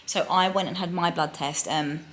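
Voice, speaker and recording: Speaking at a moderate pace, this woman has a steady, somewhat low voice with a bit of brightness. She casually vlogs about life as a new mum, chatting openly from her car and later hospital hallways amid background noise.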